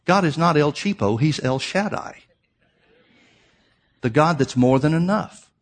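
A man's voice: fairly high pitch, animated, measured pace, long pauses. A man preaching a sermon, reading scripture aloud and explaining it, emphatic and repeating key phrases for his listeners.

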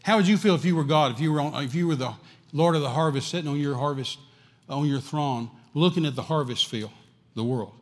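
Male preacher, emphatic and repetitive, higher voice, in a reverberant church hall. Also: a little fast. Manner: emphatic, repetitive, swings between loud and quiet. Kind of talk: sermon.

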